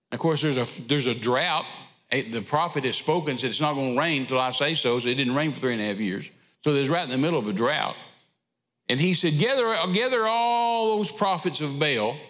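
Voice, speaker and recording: A man preaches a sermon in a folksy, storytelling manner. His voice is high and bright. It carries a long reverb from a large hall. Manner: folksy storytelling with drawled asides.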